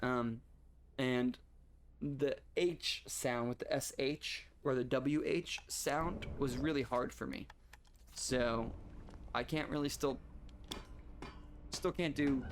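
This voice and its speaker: A man's voice: medium pitch, steady tone, slow, long pauses, a little hiss or hum. A man streaming a video game, chatting casually and rambling with restarts and asides to his viewers. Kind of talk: casual gameplay commentary.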